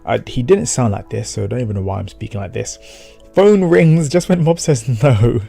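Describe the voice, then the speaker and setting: A man casually recapping and reviewing an anime episode, rambling and slangy, swearing and acting out quick bits of dialogue. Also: medium pitch, gravelly, warm tone, breathy edge, soft background music.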